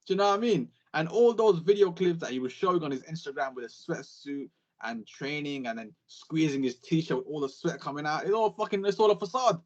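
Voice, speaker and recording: A young man talks boxing on a podcast, quick to swear and fond of repeating catchphrases. His voice sits a little high for a man. The recording sounds a bit dull and lo-fi. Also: lively intonation. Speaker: podcast co-host. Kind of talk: casual boxing chat.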